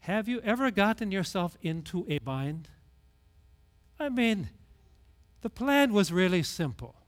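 A middle-aged male pastor giving a conversational sermon, sinking to hushed low tones and rising to loud emphasis. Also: sing-song, takes it slowly, long pauses.

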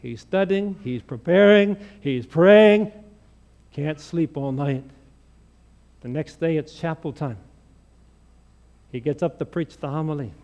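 A male preacher giving a sermon, telling stories in an animated way and acting out the dialogue. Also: fairly high pitch, slow, vocal fry, pauses often, muffled recording. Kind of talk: sermon storytelling.

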